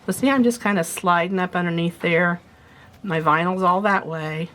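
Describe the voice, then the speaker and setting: A woman's voice: lowish voice, normal speed, fairly bright tone. A woman giving a casual sewing demonstration, chatting as she explains each step while she handles the materials. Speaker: sewing instructor.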